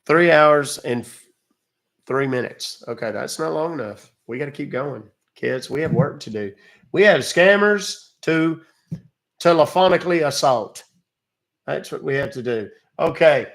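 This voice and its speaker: A man's voice: medium pitch, moderate pace, creaky, a bit bright. A man hosting a livestream, chatting casually with viewers, wisecracking and swearing offhandedly. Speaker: livestream host calling scammers.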